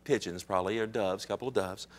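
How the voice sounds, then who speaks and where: A man preaching a sermon to a congregation with impassioned emphasis, asking rhetorical questions and swinging between loud declarations and hushed intensity. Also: lowish voice, fairly even intonation, fast. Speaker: pastor.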